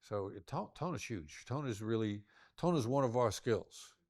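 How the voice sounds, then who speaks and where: A man's voice: mid-range voice, lively intonation, moderate pace, a little mellow, dry recording, studio quality. An older man, a negotiation expert giving an interview, who talks in a demonstrative way and shifts his tone to illustrate his points. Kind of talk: interview conversation.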